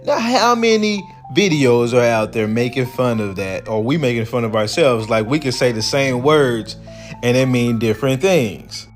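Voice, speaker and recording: A man hosting a casual commentary, reading passages slowly and then riffing on them in a relaxed, conversational way. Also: medium pitch, faint music behind. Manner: conversational, reads quotes slowly then riffs. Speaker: host.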